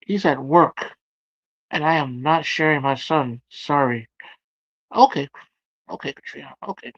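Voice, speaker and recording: Man, livestream host, fairly high voice, casual chat, exclaiming at comments, dull lo-fi sound. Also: unhurried, fairly bright tone, no echo. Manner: exclamatory, reacting aloud to chat.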